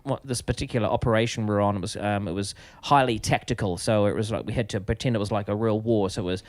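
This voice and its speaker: A middle-aged man with a New Zealand accent, a podcast guest telling a comic story in an animated, self-mocking way. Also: on the low side, quick pace, no echo. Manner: animated, self-mocking, frequent laughs and restarts.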